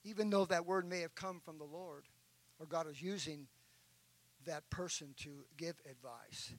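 In poor audio, a man with a slightly high voice preaches unhurriedly as a bishop. He works through an illustrative story, his delivery climbing toward emphatic points.

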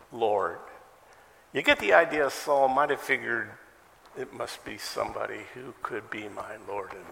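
A male pastor delivers a live sermon in a gravelly, bright voice. He talks conversationally, stacks rhetorical questions, and pokes fun at himself. The sound carries a long hall reverb with faint background noise. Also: mid-range voice. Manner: conversational, self-deprecating humor, rhetorical questions.

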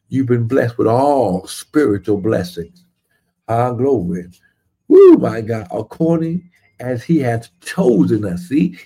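A man's voice: medium pitch, mellow, slightly rough. A man preaching a sermon with fervent exclamations, repeating key phrases and calling out to his listeners.

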